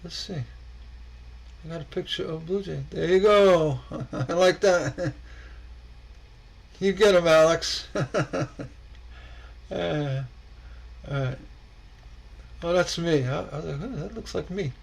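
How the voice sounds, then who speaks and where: A man hosts a relaxed livestream, reacting to viewers with a rambling, chuckling delivery. His voice sits high and has a gravelly edge. He speaks at an easy, slow pace and often stammers over repeated words. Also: low-quality recording. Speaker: stained glass livestream host. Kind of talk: casual livestream chat.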